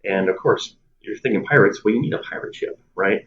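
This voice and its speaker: Low-voiced man chatting on a dull line. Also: a little fast, a bit bright. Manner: laughs often, acts out players' lines. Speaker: game designer guest. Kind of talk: casual interview chat.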